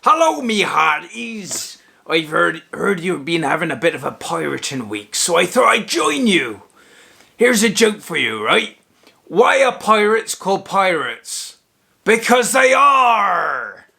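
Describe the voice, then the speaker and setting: A booming, jolly pirate, put on by a man who hollers his greetings high and loud. His voice leaps well above his own and takes on a gruff, put-on edge. He bellows hearty jokes. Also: very animated, takes it slowly, exaggerated voice. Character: boisterous jolly male pirate.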